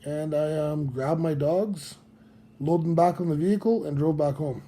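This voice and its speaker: A man's voice: fairly high pitch, normal speed, dark tone. A man casually telling a personal story in a blunt, swearing manner. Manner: swearing, blunt anecdote with filler words.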